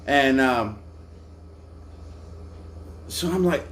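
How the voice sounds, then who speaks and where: A man's voice: mid-range voice, lively intonation, moderate pace, slight background noise. Tired, profane man telling a road story. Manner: crude, profane, self-mocking storyteller. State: tired from little sleep. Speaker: motorcycle travel vlogger. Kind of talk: casual storytelling.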